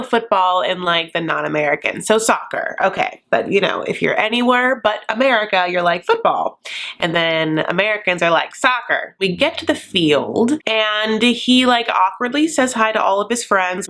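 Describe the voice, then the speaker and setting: A woman's voice: medium pitch, a bit bright. A woman hosting a YouTube recap channel, giving casual, sassy commentary full of campy, gossipy asides.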